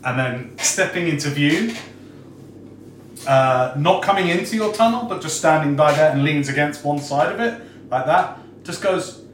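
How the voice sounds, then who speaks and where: A man's voice: a little high, moderate pace, a little hiss or hum. A man running a tabletop game as game master, describing scenes unhurriedly with many fillers. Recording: roomy echo, distant mic.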